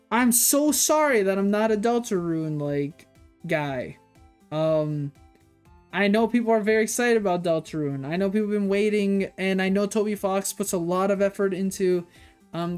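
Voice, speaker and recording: A streamer chatting casually on a livestream in a rambling way, whose voice leaps high when excited. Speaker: streamer reacting to game announcements.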